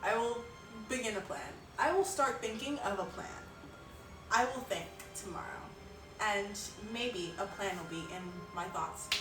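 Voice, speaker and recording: A woman's voice: mid-range voice, unhurried, recorded from a distance. Giggly young woman streamer, roomy sound. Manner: rambling, giggly, filler-heavy. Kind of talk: casual live-stream chat. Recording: roomy, off-mic, music behind.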